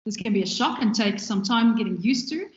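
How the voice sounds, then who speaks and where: A woman's voice: medium pitch, animated, a little fast. A woman giving a conversational recorded lecture on radio production, talking with her hands as she goes. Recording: echoey room, dull lo-fi sound.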